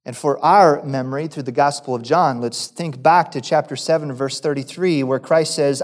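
A man's voice: on the high side, a little mellow. A man preaching a sermon, reading scripture and asking the congregation rhetorical questions. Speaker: pastor.

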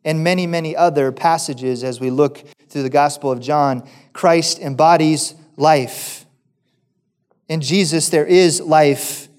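A pastor giving a sermon, preaching emphatically and asking his listeners rhetorical questions, now loud, now quiet. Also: on the high side, fairly even intonation, unhurried, clear, resonant tone.

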